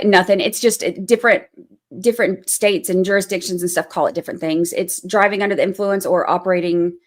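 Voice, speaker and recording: A woman, hosting a casual livestream and talking through a trial, firm one moment and chatty the next. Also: fairly low pitch. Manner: firm scolding then chatty explaining. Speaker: livestream host giving trial commentary.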